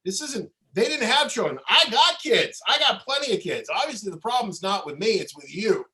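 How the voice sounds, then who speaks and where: A man's voice: high voice, expressive, moderate pace, sharp tone, heavily acted. A man voicing an annoyed husband who brushes off his wife in a defensive, dismissive way.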